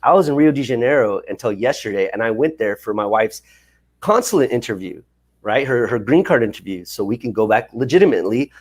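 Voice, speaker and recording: A man's voice: medium pitch, animated, brisk. A man from the United States, a guest on a livestream, talking in an earnest, rambling, emphatic way over a video call. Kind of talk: livestream chat. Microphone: video call stream.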